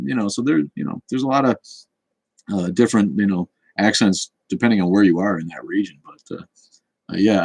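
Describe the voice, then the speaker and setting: A man's voice: low voice, no room sound, low-quality recording. A man, hosting a casual livestream, talking in a snarky, rambling way full of restarts as he answers chat. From Boston area.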